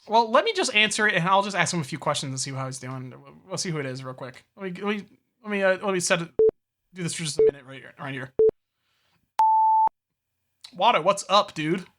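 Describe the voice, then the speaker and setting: A man's voice: on the high side, expressive, quick pace, sharp tone, slight background noise. A man co-hosting a comedy podcast, rambling in casual chat with lots of restarts. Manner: rambling, many restarts and fillers. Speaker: podcast co-host.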